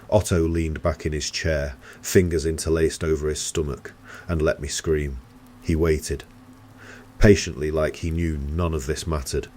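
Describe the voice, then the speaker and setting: A man narrating a first-person horror story in a steady, tense storytelling manner. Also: very deep voice, normal speed.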